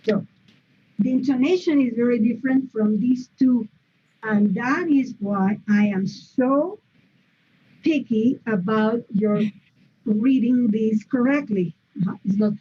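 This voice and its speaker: A woman's voice: fairly high pitch, takes it slowly, warm tone, breathy edge, highs cut off. A woman teaching English grammar in an online lesson, explaining step by step with frequent "mm-hmm" and "okay" checks.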